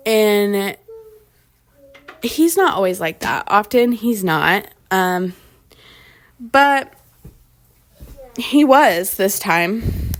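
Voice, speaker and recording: A woman's voice: medium pitch, animated, very slow, long pauses. A young adult woman hosting a podcast, talking earnestly and unscripted into her phone and speaking straight to her listeners. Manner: earnest, talks straight to listeners, many "like" fillers. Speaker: podcast host. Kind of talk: unscripted heartfelt monologue.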